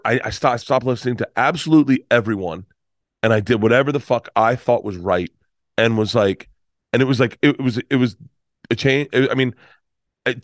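A middle-aged comedian telling a rambling, emotional story in casual talk, swearing and restarting often. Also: male voice, medium pitch, no room sound, clean studio sound. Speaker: comedian guest.

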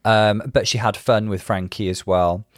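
A man co-hosting a podcast in a casual chat, with dry, wry humour and measured commentary. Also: fairly low pitch, little pitch movement, dry recording. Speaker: podcast co-host. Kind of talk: casual chat reviewing a show.

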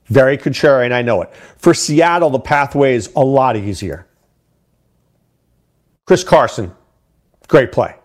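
A middle-aged man talking through fantasy football picks as an analyst, animated, with quick asides and repeated words. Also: mid-range voice.

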